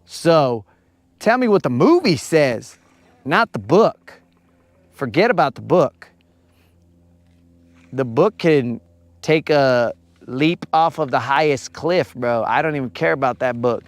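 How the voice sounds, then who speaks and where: A man's voice: medium pitch, animated, takes it slowly, pauses often, no room sound. A man hosting a fishing livestream from a lake, bantering with his chat in a playful, teasing, slangy way.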